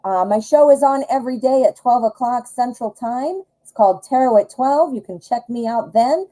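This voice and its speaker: A woman hosting a live tarot reading show, talking in a chatty, excitable way with many fillers. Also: on the high side, moderate pace, poor audio.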